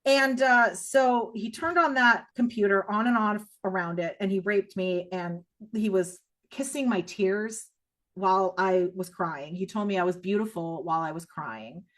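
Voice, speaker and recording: A middle-aged woman speaks as a podcast guest, telling a personal account with raw emotion. Her voice falls low and hushed, then climbs high and loud. She is blunt and swears freely. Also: a little slow. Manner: blunt, with strong profanity.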